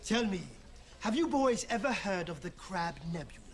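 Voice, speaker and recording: A man's voice: high-pitched, expressive, normal speed. An actor playing a scheming male spaceship captain who talks in an over-the-top fake accent.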